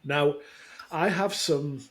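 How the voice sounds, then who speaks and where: Rambling self-deprecating podcast host. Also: male voice, fairly high pitch, slow, fairly bright tone. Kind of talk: casual chat.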